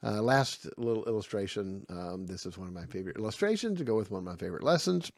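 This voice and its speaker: Gravelly, animated male Bible teacher. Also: fairly low pitch, fast, no room sound, clean studio sound. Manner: animated, acts out dialogue in his stories. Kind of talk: spoken Bible lesson for parents.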